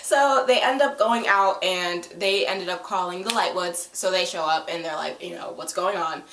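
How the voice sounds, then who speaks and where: A woman's voice: lowish voice, normal speed, fairly bright tone, far from the mic, slight background noise. Young woman vlogger recapping a show with giggly, chatty energy; echoey room, voice set back from the mic. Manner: chatty, giggly, acts out characters' lines. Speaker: TV episode reviewer. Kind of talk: casual recap vlog.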